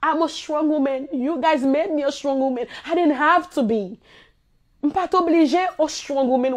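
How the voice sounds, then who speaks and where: A woman with a Haitian accent speaks in a high, pleading voice, distraught and close to tears. She talks in an impassioned personal monologue and circles back to the same words again and again. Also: moderate pace, a little mellow. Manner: pleading, impassioned, repeating herself. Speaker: singer.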